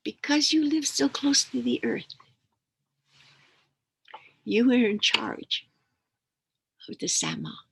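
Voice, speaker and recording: A woman voicing a wise spirit teacher who speaks gently and solemnly to a small mouse, partly in a whisper. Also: on the high side, slow, gravelly, long pauses, slight background noise, pitched above the performer's own voice, exaggerated voice. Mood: solemn gentle.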